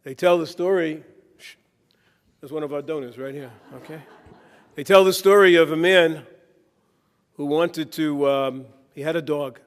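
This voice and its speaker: A man's voice: a little high, fairly even intonation, measured pace. Man giving a keynote in a reverberant hall. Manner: anecdotal, tells jokes with a preacher's cadence. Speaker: keynote speaker. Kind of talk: conference keynote speech. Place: conference hall. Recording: long reverb in a conference hall.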